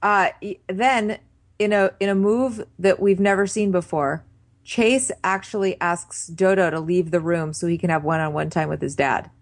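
A woman's voice: fairly low pitch, fairly even intonation, moderate pace. A woman co-hosting a casual chat, wryly recapping a show and acting out quotes. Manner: wry, chatty, acts out quotes. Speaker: podcast co-host.

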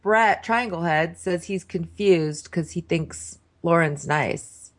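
A woman's voice: fairly low pitch, slow pace. A woman co-hosting a casual recap chat, wry and blunt as she goes through her notes. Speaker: podcast co-host.

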